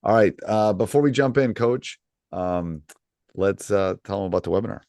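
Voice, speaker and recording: A middle-aged man hosting a coaching podcast, talking in a relaxed, rambling way with lots of ums and restarts. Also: on the low side, normal speed, no room sound. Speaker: podcast host and basketball coach. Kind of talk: casual podcast chat with ad reads.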